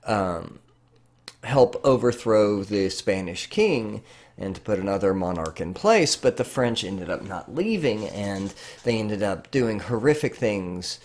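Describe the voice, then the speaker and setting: A man's voice: on the low side, darkish tone. A middle-aged man lecturing on art history, talking through slides with many fillers and restarts. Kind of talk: recorded lecture.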